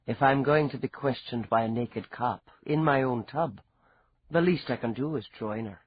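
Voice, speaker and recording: A man voicing a cool, wry, wealthy Irishman with a soft, low, amused Irish-accented voice, in a dull recording. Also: normal speed, slightly rough, no room sound, natural voice.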